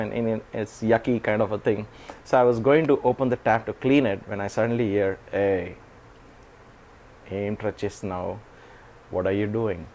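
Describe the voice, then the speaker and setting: Man telling a story with animated quotes. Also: mid-range voice. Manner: animated, acts out quoted speech, laughs often. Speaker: interview guest. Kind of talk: storytelling in an interview.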